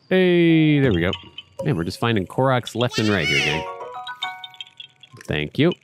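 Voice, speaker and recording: A man's voice: medium pitch, big pitch swings, slow, pauses often, music in the background. A man hosting a let's play, chatting casually through his gameplay and talking to the game characters and his viewers.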